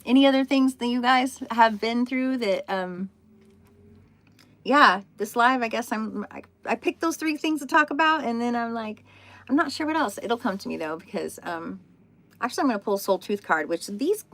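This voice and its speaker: A woman in her fifties chatting on a spiritual livestream, telling stories in an animated, laughing way and swearing now and then. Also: fairly high pitch, normal speed. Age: 50s. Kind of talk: casual livestream chat. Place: indoors at home, in an RV.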